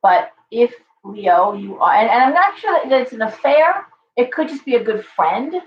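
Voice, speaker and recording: A woman's voice: a little high, very animated, moderate pace. Woman, tarot reading on a live stream, losing her voice, reassuring, talks to viewers, echoey room, muffled sound. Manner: chatty, reassuring, addresses viewers directly. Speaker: tarot reader hosting a live show. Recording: roomy, slightly dull live-stream audio.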